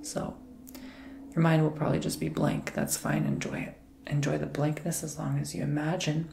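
Male ASMR healer, gravelly hushed whisper, drifting and soothing, roomy echo. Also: a little high, monotone, moderate pace, slight background noise. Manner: soft, mostly whispered, meandering and reassuring. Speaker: ASMR Reiki healer and tarot reader. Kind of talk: ASMR healing session.

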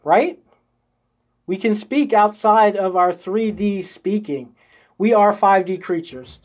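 Slow and dark-toned, with a voice that sits high, a man runs a live-streamed spiritual coaching session. He takes viewers through an inner exercise in stages and keeps coaxingly checking in with "okay?" or "right?"

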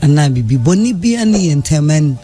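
A woman's voice: sits low, very animated, fairly quick, over music. A woman in an interview, speaking fondly and mixing English and Twi.

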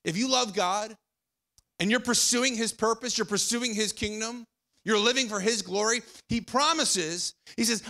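A young man preaching a sermon as pastor, conversational, repeating phrases and dropping quiet for emphasis. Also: high-pitched, moderate pace. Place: church auditorium.

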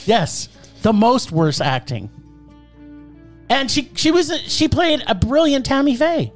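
A man's voice: very high voice, sing-song, takes it slowly, soft background music. A man reviewing a film on a podcast, sarcastic and scathing in a casual chat.

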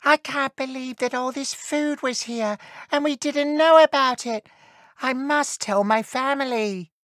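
A woman voicing a young, homesick boy elf in a storybook reading, in slow, gentle delivery. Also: a little high, fairly even intonation, no room sound, voice pushed up. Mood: eager.

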